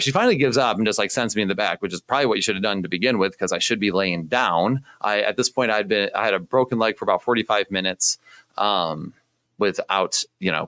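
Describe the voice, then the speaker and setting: A young man, a youth pastor, casually telling a personal story with animated, self-deprecating humor and acted-out quotes. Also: on the low side, clean tone, no room sound. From Indiana, US. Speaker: youth pastor, podcast co-host.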